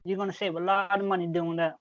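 A man's voice: sits high, level tone, quick pace, muffled recording, over a noisy crowd. A man co-hosting a casual sneaker chat, emphatic and slangy. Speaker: co-host.

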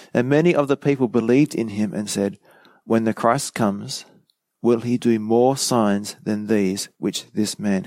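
A man's voice: mid-range voice, a little mellow, dry recording. Man teaching scripture, dry close sound. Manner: reads scripture aloud then comments conversationally, asks the listener questions. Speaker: pastor teaching a Bible study. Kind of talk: verse-by-verse Bible teaching.

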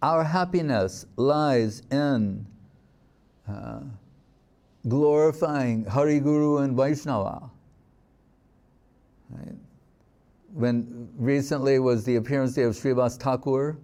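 A man giving a spiritual sermon, telling stories in a reflective, unhurried way and reciting verses. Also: mid-range voice, mellow. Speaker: swami giving a spiritual talk.

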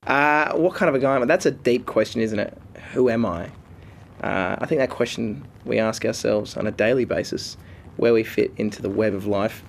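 A man's voice: mid-range voice, moderate pace, creaky, slight background noise. A man giving a comic, mock-philosophical account of what kind of guy he is. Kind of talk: comic self-description.

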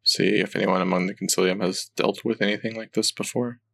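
A man at a tabletop game with a low voice full of gravelly fry. He talks bluntly, pushes back on the others and drops a swear now and then. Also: fairly even intonation, a bit bright. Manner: blunt, swearing, quick to object. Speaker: player. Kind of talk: casual tabletop chat.

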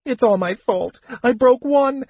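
Shrill sobbing kender. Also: male voice, a little slow, a little mellow, breathy edge, no echo, lo-fi sound, exaggerated voice. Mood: wailing. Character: wailing, tearful kender, small and childlike.

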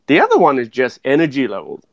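A man giving animated speaking advice as a guest in a podcast interview, full of "right?" tag questions. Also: mid-range voice, quick pace, no room sound. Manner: energetic, keeps asking "right?" and tacking on "though". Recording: dull lo-fi dry sound.

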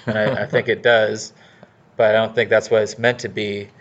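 A man's voice: on the low side, level tone, normal speed, fairly bright tone. A man co-hosting a casual podcast, talking in a loose, rambling way full of slang and cursing. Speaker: podcast co-host. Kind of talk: casual chat. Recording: dull lo-fi recording.

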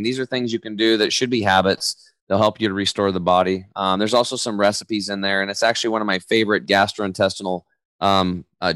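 A man in his forties, a podcast guest talking in a loose, energetic, casual way and acting out quoted voices as he tells stories. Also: lowish voice, no echo. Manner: energetic, loose storyteller who acts out quotes. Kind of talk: casual interview chat.

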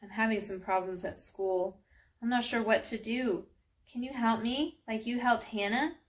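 A woman's voice: a little high, moderate pace, natural voice. A woman voicing a young schoolgirl who prays in an earnest, hesitant way, in a storybook reading.

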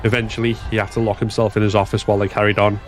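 Low-voiced male narrator. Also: little pitch movement, racing, faint music behind. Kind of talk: scripted narration.

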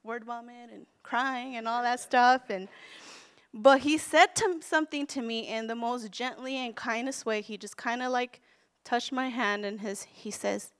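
A woman minister preaching a sermon, counting off numbered points and then candidly telling a personal story with gentle self-deprecation. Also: on the high side, steady tone, unhurried, clean tone. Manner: earnest, counts off numbered points, quotes scripture.

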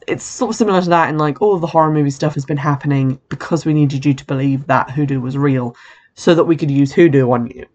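A host talks through a horror film's plot in a casual, chatty way, dropping wry asides along the way. The voice sits at a middle pitch, and the speaker often stops to correct themselves mid-sentence. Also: quick pace, darkish tone. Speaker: film recap host. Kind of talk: casual film recap narration.

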